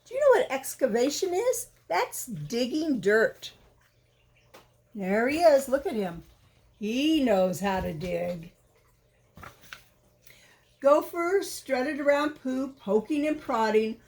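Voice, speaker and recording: Brief: woman reading a picture book aloud, unhurried and sing-song. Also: high voice. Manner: animated, asks the listener questions. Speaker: storyteller reading to children. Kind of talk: children's storybook read-aloud.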